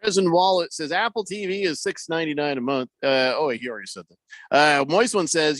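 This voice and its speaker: A man's voice: a little high, fairly quick, a bit bright, no room sound. A man hosting a radio show, reading listener messages aloud and teasing his co-hosts in casual banter. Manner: teasing, dry joking.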